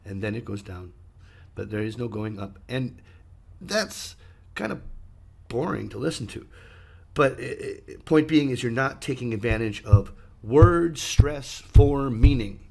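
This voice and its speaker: A man's voice: medium pitch, gravelly, a little mellow. A man, an English teacher, giving conversational spoken feedback to a student, with many ums and uhs, and stressing words to show how it's done. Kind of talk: online speaking feedback lesson.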